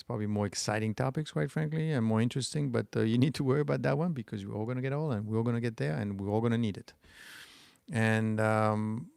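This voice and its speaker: A middle-aged French-accented host of a stock market channel runs a loose livestream, often restarting and talking back to chat. His voice is lowish and darkish with vocal fry, in a dry, clean studio recording.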